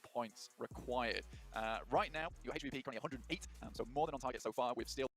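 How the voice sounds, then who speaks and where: A man's voice: medium pitch, quick pace, fairly bright tone, faint music behind. Brief: male esports caster, conversational, walks through standings. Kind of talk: esports commentary.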